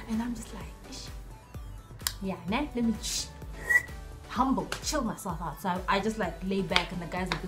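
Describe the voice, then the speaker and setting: A young woman tells a personal story to her viewers in a chatty, animated way. She slips into different voices to act out the dialogue, while soft music plays faintly behind her. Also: mid-range voice, normal speed. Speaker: vlogger. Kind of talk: storytime vlog.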